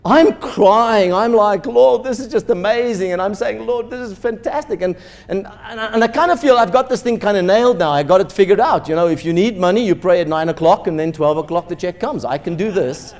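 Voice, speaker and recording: A man's voice: sits high, animated, brisk. A man, a pastor, telling a story in a sermon and acting out the dialogue with animation. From South Africa.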